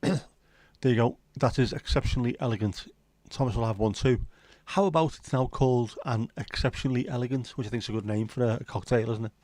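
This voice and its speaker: Fast-talking and mid-range, with a darkish tone and no echo, this fifty-something livestream host keeps the casual chat relaxed, cracking dry jokes and swearing now and then.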